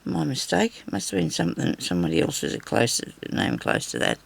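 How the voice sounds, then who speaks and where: A woman's voice: rumbling low, huge pitch swings, a little fast, gravelly. A woman vlogging a crafting demonstration, rambling and chatty as she talks straight to her viewers.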